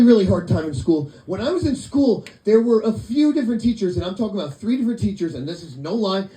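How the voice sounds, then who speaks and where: Deadpan stand-up man, lively pitch. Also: reverberant, low-quality recording. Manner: deadpan storytelling with quoted voices. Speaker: stand-up comedian. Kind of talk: stand-up set. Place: comedy club.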